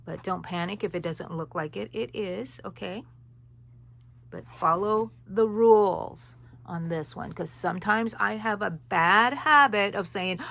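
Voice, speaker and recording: A woman's voice: lowish voice, moderate pace, creaky, fairly bright tone. A woman hosting a crochet tutorial, talking viewers through each stitch in a casual, rambling way with chatty asides. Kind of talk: casual step-by-step tutorial chat.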